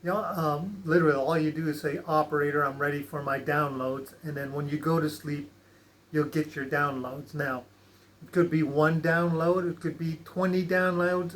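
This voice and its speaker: Male host, slightly higher voice, casual spiritual talk, rambling delivery full of fillers and restarts. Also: a bit bright. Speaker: channel host.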